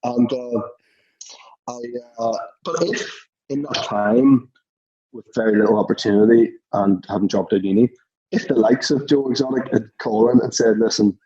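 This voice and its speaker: Husky Northern Irish man chuckling through stories. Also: mid-range voice, moderate pace, warm tone, highs cut off. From Northern Ireland. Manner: chuckling anecdotal storyteller. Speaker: podcast guest. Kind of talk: casual chat.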